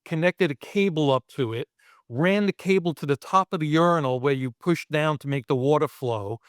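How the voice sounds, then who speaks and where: A middle-aged Brooklyn man with a thick local accent tells stories from the film set, swearing freely and acting out booms and camera sounds. His voice sits a little higher than most men's. The recording is close and dry, with no room around it. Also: moderate pace, no echo. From Brooklyn, New York. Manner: profane and animated, acting out sound effects. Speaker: podcast guest, special effects artist. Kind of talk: casual storytelling.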